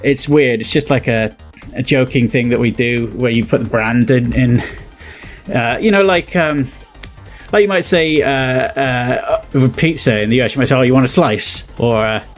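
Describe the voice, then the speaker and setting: A man's voice: medium pitch, normal speed, faint music behind. Rambling West Country man explaining. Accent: West Country English. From southwest England. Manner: rambling, chatty explaining with many fillers. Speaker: video commentator. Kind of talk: casual reaction commentary.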